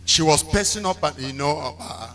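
A man preaching a sermon, telling stories with drama and breaking into shouted call-and-response lines. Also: fairly high pitch, lively intonation, moderate pace. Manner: dramatic storytelling. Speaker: pastor.

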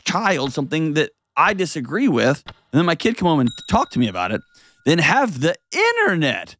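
A man's voice: a little high, very animated, moderate pace, no echo, clean studio sound. A man in his forties hosting an advice show, talking emphatically and bluntly, with mocking put-on voices and heartfelt stories. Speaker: host giving advice. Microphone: studio mic.

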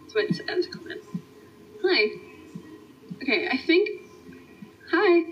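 A woman's voice: very high-pitched, very animated, slow, slight background noise. A young Australian woman chatting casually on a livestream, answering viewer comments in a friendly way. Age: young adult. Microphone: phone. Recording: dull lo-fi phone stream, faint music.

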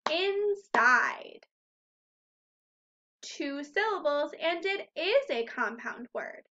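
A woman teaching a recorded phonics lesson to first graders, sounding out words and syllables slowly and deliberately. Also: high voice, bright, forceful tone, dull audio.

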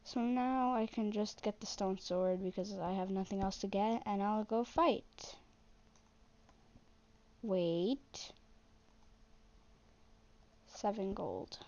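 Young woman playing a game, slow and kinda flat, mellow voice, muffled lo-fi mic. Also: medium pitch. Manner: flat, self-deprecating, muttering to herself. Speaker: gaming channel host. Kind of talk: casual gameplay commentary.

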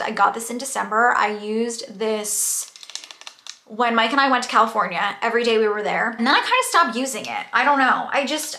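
A woman's voice: on the high side, gravelly, bright, forceful tone, reverberant. A young woman rambling candidly as she does her makeup in a casual get-ready-with-me chat. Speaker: beauty vlogger.

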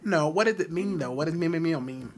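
A man's voice: on the high side, expressive, brisk, a little hiss or hum. An American man hosting a casual video chat, teasing and provoking with jokes. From United States.

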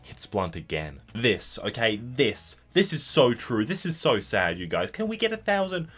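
A young man doing sarcastic meme commentary. His pitch swings a lot as he mocks each joke, sometimes bursting out loud. The delivery is animated and full of put-on voices. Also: moderate pace, soft background music. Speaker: comedy commentary host.

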